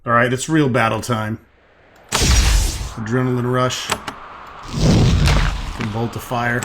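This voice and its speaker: A man's voice: mid-range voice, flat delivery, moderate pace, very noisy. A man hosting a let's play, reading the game's text aloud and adding offhand, jokey asides. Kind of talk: casual game commentary, reading on-screen text aloud.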